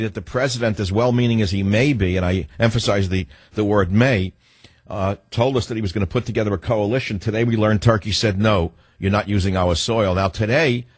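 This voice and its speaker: On a political talk radio show, a man with a lowish, slightly breathy voice takes callers through a studio microphone with no echo. He's blunt and opinionated, rambling and restarting as he goes.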